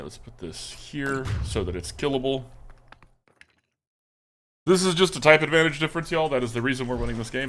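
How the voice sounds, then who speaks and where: A male streamer talks through his card game as he plays it, joking and chatting with his viewers. His pitch swings widely from line to line, which keeps the delivery lively. A soft hiss sits under the voice. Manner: animated, jokey, talks to chat. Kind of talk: live card-game play commentary.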